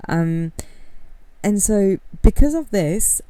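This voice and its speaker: Low, slow-talking woman vlogger. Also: expressive, no echo. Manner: candid, rambling, with frequent fillers and soft laughs. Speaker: video essayist. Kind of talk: casual talking-head commentary.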